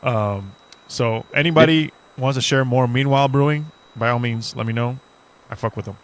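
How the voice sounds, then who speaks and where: In a dim indoor room, a man co-hosts a podcast, rambling, joking, and swearing freely in casual chat. His voice is medium-pitched and his pace moderate.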